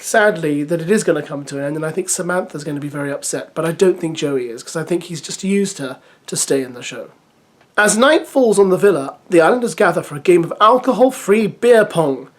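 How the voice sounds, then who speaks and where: A reality TV recap host reading a press release aloud and giving casual, opinionated commentary. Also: mid-range voice.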